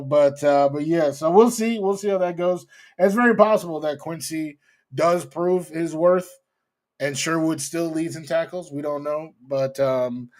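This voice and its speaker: Relaxed young man, slightly higher voice. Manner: relaxed, hedging with many fillers. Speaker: podcast host. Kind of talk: casual sports chat.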